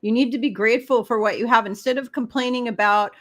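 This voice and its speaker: A woman's voice: a little high, fairly even intonation, fast talker, few pauses. A middle-aged woman giving spiritual advice in an emphatic, preachy way, speaking straight to the listener. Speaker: spiritual guest. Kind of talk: casual spiritual advice talk.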